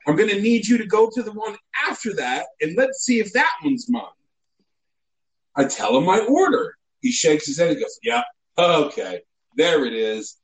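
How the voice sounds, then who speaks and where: A man with a high, bouncing voice spins a casual comic story, swinging his pitch all over the place. He sounds mock-indignant and animated, building up small details for laughs. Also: normal speed, poor audio.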